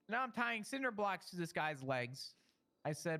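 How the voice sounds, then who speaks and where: Brief: man, slightly high, bright voice, rambling profane in-character storyteller. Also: sing-song, normal speed. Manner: rambling, profane, stammering retelling. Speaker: roleplay character telling a story.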